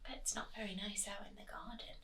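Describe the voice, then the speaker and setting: A woman's voice: mid-range voice, fast, bright, forceful tone. A woman reading a picture book aloud to children. She asks questions as she goes and often drops into whispers. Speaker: children's storyteller. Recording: echoey room, distant mic.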